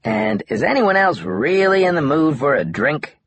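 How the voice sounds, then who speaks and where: A man's voice: on the high side, sing-song, normal speed, a bit bright, slightly rough, no echo, pitched above the performer's own voice, exaggerated voice. A man reading an upbeat, friendly colleague. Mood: eager.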